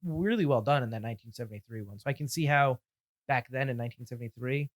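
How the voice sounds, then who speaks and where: A man's voice: medium pitch, quick pace, no echo, clean studio sound. A man co-hosting a film podcast, chatting casually and giving loose, enthusiastic opinions about a movie. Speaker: podcast co-host.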